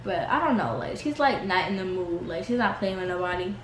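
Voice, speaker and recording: A young woman casually recapping a reality show episode, chatty and full of "like", sometimes mimicking the cast in a higher voice. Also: lively intonation, brisk, a bit bright. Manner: chatty, heavy use of "like", mimics cast members in higher pitch. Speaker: reality TV reviewer. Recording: echoey room with faint noise.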